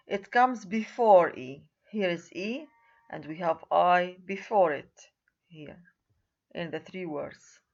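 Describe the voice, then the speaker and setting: A woman's voice: mid-range voice, highs cut off. A woman lecturing on a recorded university writing lesson, who repeats key words and points at examples on screen.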